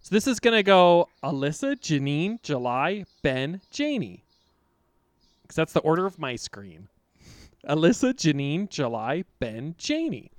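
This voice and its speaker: A man's voice: on the high side, very animated, measured pace, no echo. A man co-hosting a comedy podcast over a video call, announcing segments in a mock-formal way. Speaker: podcast co-host running segments. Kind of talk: casual comedic chat.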